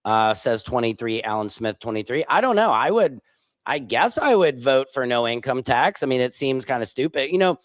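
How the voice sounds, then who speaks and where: A man's voice: medium pitch, lively intonation, normal speed, no echo. Chatty man hosting a livestream. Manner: rambling, chatty, reads viewer comments aloud. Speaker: livestream show host. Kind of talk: casual livestream chat.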